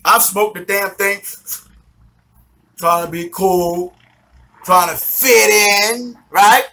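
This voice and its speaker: New guy in his 40s, high bright voice, street slang testimony, laughs a lot. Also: slow pace, long pauses. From New York City. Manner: swears a lot, street slang, keeps asking if you follow; laughs often while telling the story. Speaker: minister giving a testimony. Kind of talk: animated storytelling testimony.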